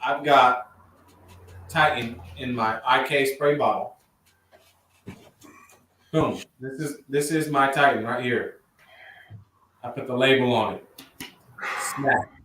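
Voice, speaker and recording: A man speaking as a livestream guest, excited and chatty, who keeps saying "man" and "dude". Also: mid-range voice, slow, long pauses. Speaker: guest detailer. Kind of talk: casual livestream chat. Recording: roomy, distant mic with faint background hiss.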